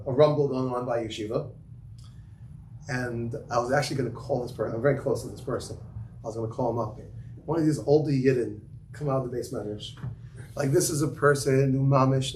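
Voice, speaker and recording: A man's voice: medium pitch, fairly quick, a little mellow. A man giving a casual yeshiva class to students, telling stories full of fillers and Yiddish and Hebrew terms. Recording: echoey room, faint ambient noise.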